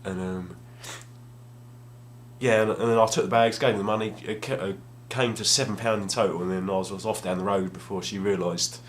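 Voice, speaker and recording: A young man with a fairly low voice tells a long, rambling story about a bargain. He talks casually, restarts his sentences and pokes fun at himself. A faint hum sits under the recording. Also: fairly even intonation, fairly quick. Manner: rambling, self-deprecating, restarts often. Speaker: gaming vlogger. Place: home room, at a table.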